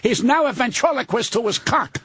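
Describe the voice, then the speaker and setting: An older man, a guest comedian on a radio talk show, telling indignant, profane stories in a loud ranting way. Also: extremely high pitch, sing-song, brisk, breathy edge. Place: radio studio.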